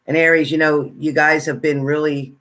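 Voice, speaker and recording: A man's voice: on the high side, little pitch movement, normal speed, sharp tone. A man in casual live-stream chat, a tarot reader who chats away while reading out viewers' comments. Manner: chatty, reads out viewers' comments, eats while talking.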